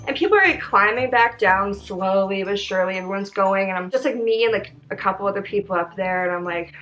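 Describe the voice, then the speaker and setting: A woman's voice: medium pitch, brisk, a bit bright, soft background music, low-quality recording. A young woman telling a travel story in a casual vlog, chatty and swearing freely, acting out her own quotes.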